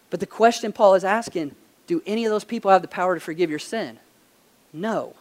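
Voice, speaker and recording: A pastor preaching a conversational sermon, telling stories and pressing emphatic questions. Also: male voice, sits high.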